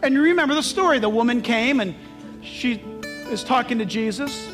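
A male pastor preaching a sermon in an animated way, asking rhetorical questions and breaking into sudden shouts. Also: very high-pitched, normal speed, music in the background.

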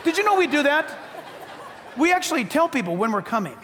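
High-pitched american guy preaching, keeps repeating himself, punchy, echoey big hall. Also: sing-song, a little fast, a bit bright, some chatter behind, slight background noise. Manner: emphatic, repetitive, punchy short phrases. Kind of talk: sermon. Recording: long reverb of a large hall.

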